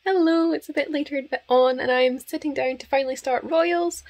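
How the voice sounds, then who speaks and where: A young Scottish woman chatting casually to camera in a vlog, wry and quick to laugh. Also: sits high, darkish tone. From Scotland. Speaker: book vlogger.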